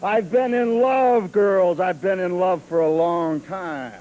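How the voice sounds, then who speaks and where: A man's voice: high-pitched, takes it slowly, a little mellow, lo-fi sound, slight background noise. A man wrestler cutting a boastful, mocking TV promo, laughing at his own jokes.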